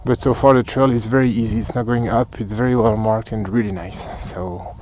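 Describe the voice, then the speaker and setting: A man's voice: lowish voice, steady tone, a little fast, darkish tone, a little hiss or hum, rough recording. A man from France with a French accent, chatting casually as he films a hiking trail outdoors in the cold, slightly out of breath and muttering asides as he walks. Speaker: hiking vlogger. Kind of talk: casual walking commentary.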